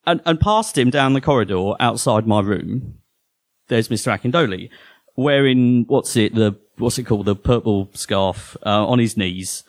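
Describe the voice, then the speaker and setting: A man performing a first-person horror story live on a theatre stage, halting and often repeating his words. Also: fairly low pitch, animated, no room sound.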